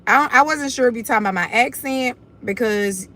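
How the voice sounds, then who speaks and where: A woman's voice: fairly high pitch, brisk, fairly bright tone. Young woman, southern houston accent, livestream chat, blunt, confident, talks to y'all. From Houston, Texas. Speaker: livestream host.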